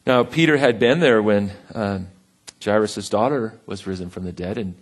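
A man preaching a sermon in a relaxed, conversational way, with humor and quick acted-out voices. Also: lowish voice. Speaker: pastor.

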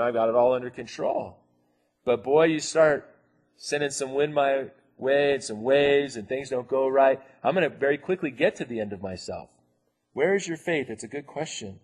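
Male preacher, conversational sermon, husky, slightly high voice, plays the quoted voices. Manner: conversational, acts out quoted voices, laughs often.

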